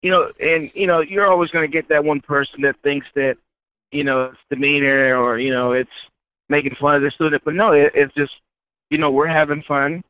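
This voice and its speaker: A truck driving trainer talking easily as a guest, in loose runs with many fillers. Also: male voice, on the high side, level tone, fairly quick, smooth, no echo. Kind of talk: casual interview chat. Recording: dry, tinny phone-like line.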